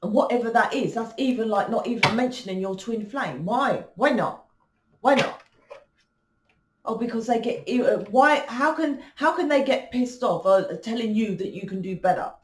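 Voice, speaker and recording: A woman's voice: fairly high pitch, animated, moderate pace, roomy sound, slight background noise. A woman hosting a spiritual channel, talking casually and rambling with many restarts and fillers. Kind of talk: casual spiritual talk to camera.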